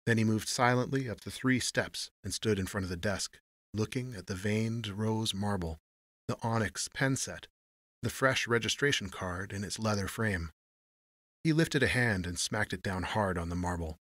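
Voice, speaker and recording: Brief: man with a lowish voice, steady noir narration, dry close-miked sound. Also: moderate pace, no echo. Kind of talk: scripted narration of a noir story.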